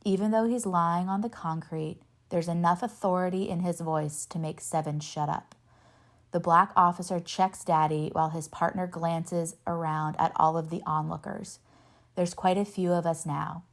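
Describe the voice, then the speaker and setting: A woman reading a novel aloud in steady first-person narration, lightly voicing the dialogue. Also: lowish voice, moderate pace. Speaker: reader.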